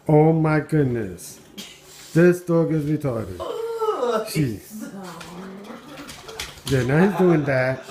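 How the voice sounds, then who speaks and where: A man's voice: fairly high pitch, darkish tone, slight background noise. A man at home, filming his dog on a handheld camera and giving amused running commentary with frequent exclamations and chuckles. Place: at home indoors.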